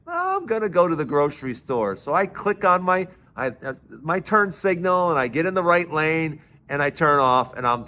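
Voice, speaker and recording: A man hosting his own show, telling a chatty, animated story in a casual monologue. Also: a little high. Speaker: commentator and show host.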